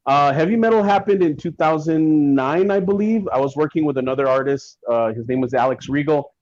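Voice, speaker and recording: A man guest on a podcast, telling stories in a casual, animated way and acting out what others said. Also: fairly high pitch, fairly quick. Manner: animated, acts out quotes from people in his stories. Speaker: guest comic writer. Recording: dull lo-fi sound.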